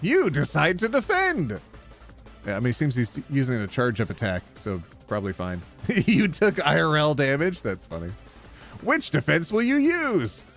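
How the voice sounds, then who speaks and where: Give me an animated young man reading a game aloud. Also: a little high, normal speed, soft background music. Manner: animated, jumping from flat reading to excited yelps. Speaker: streamer playing a dating sim. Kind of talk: reading game text aloud with playful commentary.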